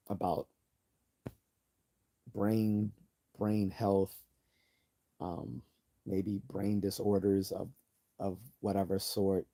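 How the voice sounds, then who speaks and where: A livestream host chats casually in a low, mellow, creaky voice. He rambles, restarts sentences and corrects himself as he goes, reading viewer comments aloud and responding to them.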